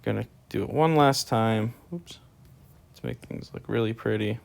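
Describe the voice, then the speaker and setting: A man's voice: fairly low pitch, normal speed, gravelly. A man teaching calculus in a casual way, talking through each step as he writes, sleepy and yawning. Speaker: math teacher. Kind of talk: screen-recorded math lesson.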